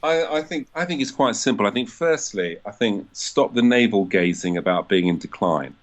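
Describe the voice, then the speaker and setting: A man with a British accent and a baritone voice, answering interview questions as a historian, making his points with a dry, self-deprecating laugh. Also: lively intonation, moderate pace. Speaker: historian guest.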